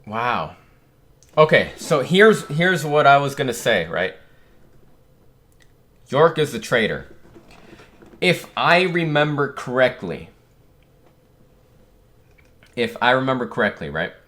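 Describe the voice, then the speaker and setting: Young male reaction host, reads under his breath, then blurts out excited reactions. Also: medium pitch, slow pace, pauses often. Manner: muttered reading breaking into loud surprised exclamations. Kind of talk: reading aloud and reacting.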